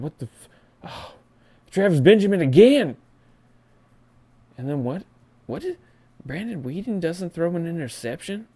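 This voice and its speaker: A man in his thirties doing a comedic sports rant as a podcast segment host, swinging between shouts and hushed lines. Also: mid-range voice. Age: 30s.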